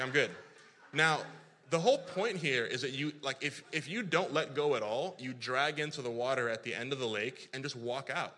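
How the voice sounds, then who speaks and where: A man from Africa, telling an animated, self-deprecating story in a sermon, full of restarts. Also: mid-range voice. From South Africa. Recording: reverberant hall.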